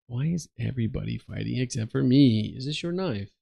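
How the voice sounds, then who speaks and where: A man's voice: mid-range voice, lively intonation, brisk, creaky, warm tone, husky, dry recording. A man giving casual, rambling commentary while playing a game, swearing offhandedly. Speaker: gaming streamer and commentator.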